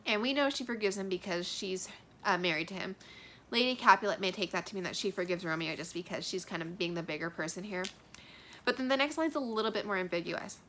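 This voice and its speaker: A woman's voice: mid-range voice, expressive, fast, sharp tone. A woman teacher explaining a play in a casual, chatty way, with many fillers as she goes. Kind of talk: literature lesson explaining a play.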